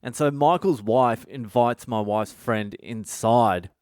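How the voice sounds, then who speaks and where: A man's voice: medium pitch, slow, darkish tone, smooth, no echo, studio quality. A man hosting his own podcast, telling a story in a blunt, profane way with sarcastic asides. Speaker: comedian podcast host. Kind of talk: casual solo storytelling podcast. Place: at home at night.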